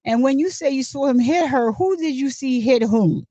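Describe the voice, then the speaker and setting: A woman reading the questions of a courtroom attorney in a measured, formal manner. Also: sits high, warm tone, no room sound. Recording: dull lo-fi, dry.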